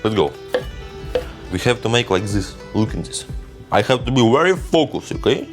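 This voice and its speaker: Playful chef with lively, lowish voice. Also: male voice, moderate pace, long pauses, faint music behind. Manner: playful, boastful, non-native phrasing. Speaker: cooking vlogger. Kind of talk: casual kitchen demo.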